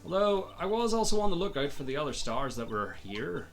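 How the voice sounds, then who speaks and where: A man voicing a loud, brash female photographer from the American South, in a folksy drawl with a put-on Southern accent, reading video game lines. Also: on the high side, very animated, brisk, faint music behind.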